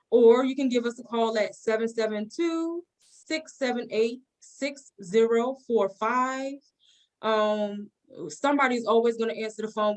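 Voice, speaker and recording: A woman's voice: fairly high pitch, low-quality recording. A woman nurse, a guest on a podcast interview, explaining her work in an earnest, explanatory way. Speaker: nurse and co-founder of a recovery clinic, guest. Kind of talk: interview answers.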